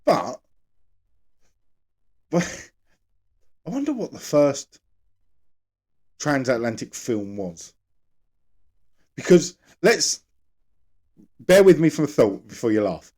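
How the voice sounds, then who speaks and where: A man's voice: mid-range voice, big pitch swings, slow pace, long pauses, darkish tone, slightly rough. Rambling man, casual podcast chat. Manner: rambling, jokey, tries silly accents. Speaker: podcast co-host.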